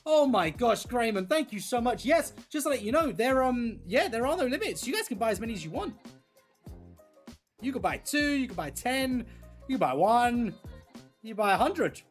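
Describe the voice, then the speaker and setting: A livestream host and content creator chatting casually with viewers while colouring, excitable and gushing. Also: mid-range voice, normal speed, faint music behind. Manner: excitable and gushing, talking to chat.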